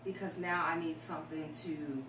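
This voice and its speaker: Woman guest, low voice, heartfelt and rambling; roomy, distant, noisy recording. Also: fairly even intonation, normal speed. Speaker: guest sharing her story. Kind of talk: candid talk show conversation. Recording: echoey room, distant mic, noisy.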